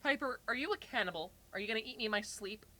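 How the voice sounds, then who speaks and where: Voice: medium pitch, animated, quick pace, sharp tone. A streamer with a slightly strained throat, reading a second-person story aloud and breaking off to baby-talk a pet cat. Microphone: headphones and desk mic.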